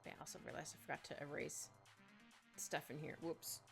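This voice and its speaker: Deep, creaky, and brisk, this woman's voice shows little pitch movement. As a digital artist streaming her drawing, she chats in a rambling, giggly way with frequent little asides. Soft music plays behind her.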